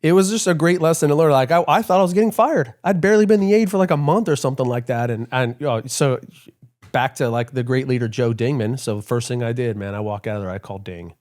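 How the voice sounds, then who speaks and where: A middle-aged man, a retired military officer, telling stories in a casual interview, full of fillers and quick acted-out quotes. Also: medium pitch. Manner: animated storyteller, many fillers, acts out quotes. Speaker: retired Air Force colonel, podcast guest.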